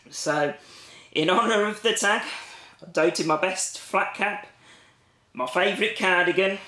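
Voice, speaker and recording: A man's voice: a little high, bright, forceful tone. A man with an English Midlands accent, casually chatting to camera as a gaming vlogger, rambling with lots of ums and restarts. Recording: echoey room.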